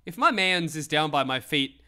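Aussie guy riffing on a live stream, bouncy voice that swoops all over, bright edge, laughs and swears a lot. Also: fairly high pitch, normal speed, smooth. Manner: animated, laughing, mock-outraged, swearing freely. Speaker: livestream host. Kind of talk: comedic live-stream commentary.

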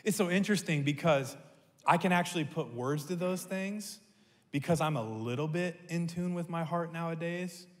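A male pastor tells a story in his sermon with animated, humorous delivery. His voice sits a touch higher than most men's. The sound carries a long echo through the church hall. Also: normal speed. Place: church sanctuary.

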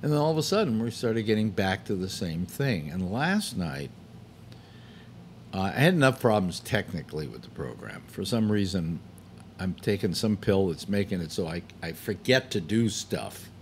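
A man's voice: low voice, very animated, moderate pace, a little hiss or hum. A man hosting his own show, talking casually in a rambling way, full of fillers, restarts and the odd curse when frustrated. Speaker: host. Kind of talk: casual monologue.

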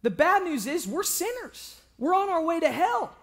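A young man preaching an evangelistic sermon in a church, joking with the congregation and breaking into shouts for emphasis. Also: very high voice, moderate pace. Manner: animated, joking, bursts into shouting.

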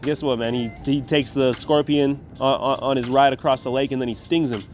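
A man teaching scripture, reading verses slowly and with emphasis, then explaining them in loose everyday talk with a faint music bed behind. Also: mid-range voice, fairly even intonation, darkish tone. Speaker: Bible teacher. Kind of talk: scripture reading with casual commentary.

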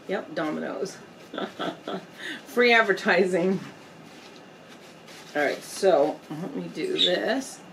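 A woman vlogger chatting casually while eating on camera at home, pausing often to savor her food. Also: on the low side, animated, gravelly, fairly bright tone, a little hiss or hum, poor audio. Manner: slow, chatty, pauses to eat and savor. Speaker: mukbang vlogger. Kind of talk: casual eating vlog chat. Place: indoors at home, storm outside.

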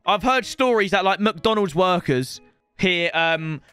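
A young man giving excitable, swear-filled commentary on his football video game, often yelling at the game. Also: high-pitched, unhurried, soft background music. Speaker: gaming YouTuber. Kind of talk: let's-play gaming commentary.

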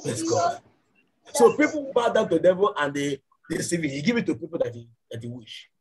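A man's voice: a little high, lively intonation, brisk, crowd noise, poor audio. A man preaching a church sermon and leading fervent prayer, repeating his lines again and again. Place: church service.

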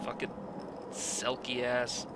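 A man giving blind let's play commentary, exasperated, swearing often and yelling at the game. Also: medium pitch, monotone, slow, heavy background noise.

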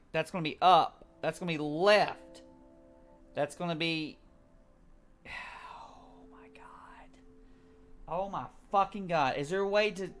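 A man giving gameplay commentary, muttering to himself in frustration and swearing heavily. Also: on the high side. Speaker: gamer.

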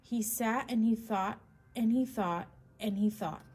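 A woman, a preschool teacher, reading a children's storybook aloud in a slow, expressive way. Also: a little high, slightly rough.

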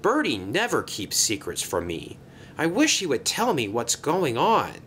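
A man voicing an earnest young male tank engine in a storybook tale, speaking in an excited, pleading way. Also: a little slow, slight background noise. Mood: upset. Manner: excited, pleading, raised-pitch voice.

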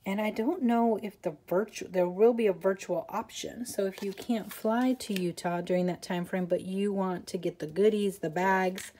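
A woman's voice: mid-range voice, normal speed, few pauses, warm tone, a little hiss or hum. A woman hosting a casual papercraft tutorial, chatty and rambling, with self-deprecating asides as she works.

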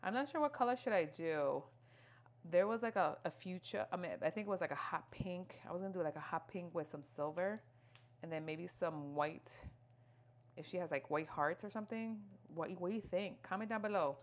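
A woman's voice: on the low side, a little fast. A middle-aged woman chatting playfully to her viewers while she cooks in her home kitchen, with joking asides. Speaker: lifestyle vlogger. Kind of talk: casual cook-along vlog chat. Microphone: wireless clip-on mic.

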